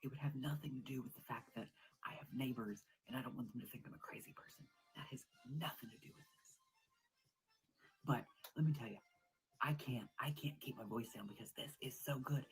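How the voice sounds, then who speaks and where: A woman performing a comedic monologue at home, over-the-top excited and swinging between hushed whispers and loud exclamations. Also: rumbling low, a little fast, rough recording.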